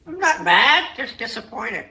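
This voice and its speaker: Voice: mid-range voice, a little slow, creaky, breathy edge, heavily acted, poor audio. Someone voicing a sassy talking parrot. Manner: deadpan one-liners. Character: cheeky sassy talking pet parrot, male.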